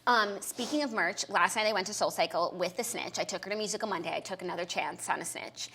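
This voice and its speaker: A woman's voice: fairly low pitch, fast talker, a bit bright, a little hiss or hum. A woman co-hosting a podcast, trading playful banter in casual chat. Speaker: podcast co-host.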